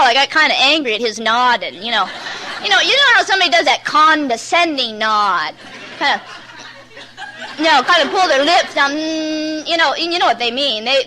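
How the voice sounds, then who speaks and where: Blunt, bright-voiced woman telling her story. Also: high-pitched, animated, a little fast, some chatter behind, a little hiss or hum, low-quality recording. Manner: candid, rambling storyteller, many "you know"s; plain-spoken and blunt. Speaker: recovery meeting speaker. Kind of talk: personal testimony at a recovery meeting.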